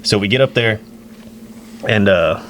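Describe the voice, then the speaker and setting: A man telling a long hunting story on a podcast in a rambling, animated way, full of "like" and "you know.". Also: fairly low pitch, measured pace, slight background noise. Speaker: guest.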